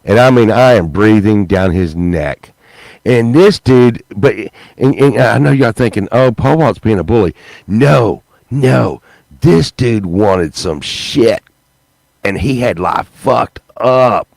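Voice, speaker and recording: Low-voiced guy telling a wild cussing story, dry close sound. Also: slow pace, creaky, no echo, low-quality recording. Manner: profane, animated storytelling with acted quotes. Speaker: podcast host. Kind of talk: storytelling, casual chat.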